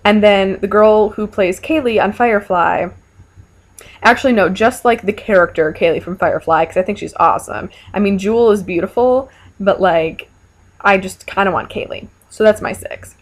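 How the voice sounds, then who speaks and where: A young woman chatting to her camera as she answers viewer questions, frank and playful. Her talk is loose and full of fillers, and she speaks at an ordinary, mid-range pitch. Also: normal speed. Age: young adult. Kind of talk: casual chat.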